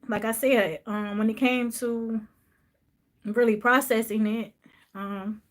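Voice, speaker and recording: Soft-spoken woman recounting a loss. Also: a little high. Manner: soft, reflective, with frequent fillers and pauses. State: emotional, voice dropping low at times. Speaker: podcast host sharing a personal story. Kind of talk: personal storytelling.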